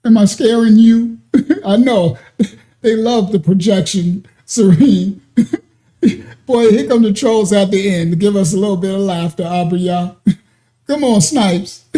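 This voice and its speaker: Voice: medium pitch, slow pace, mellow. A livestream host reading chat comments aloud and mocking a troll, laughing often between taunting questions.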